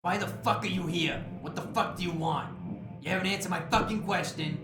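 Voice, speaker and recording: A man voicing a hulking, dim, short-tempered male ogre bodyguard who talks gruff and threatening. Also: sits high, roomy sound, far from the mic, over music, lightly acted. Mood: angry. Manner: gruff, threatening, slow on numbers.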